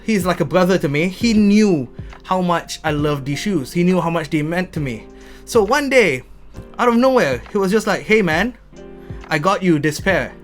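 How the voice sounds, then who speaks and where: Earnest man telling sneaker stories. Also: fairly high pitch. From Malaysia. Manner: earnest and sentimental, stumbles and restarts often. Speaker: sneaker collector vlogger. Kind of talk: heartfelt rambling storytelling to camera.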